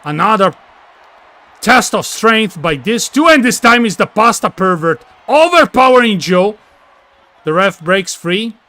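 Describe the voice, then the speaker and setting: A man calling a video game wrestling match with excitable, yelling play-by-play and slips in English grammar. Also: high voice, unhurried. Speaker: commentator and wrestler persona.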